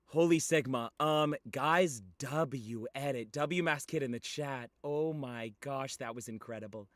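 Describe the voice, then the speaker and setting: A young man livestreaming, chatting casually with viewers in an excitable, teasing way with sudden shouts. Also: medium pitch, measured pace, dry recording, clean studio sound.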